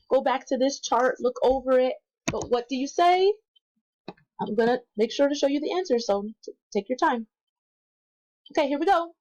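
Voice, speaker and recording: A woman as an instructor in a recorded lesson, patiently repeating words slowly for learners and correcting herself aloud. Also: high-pitched, darkish tone, low-quality recording. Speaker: Spanish instructor.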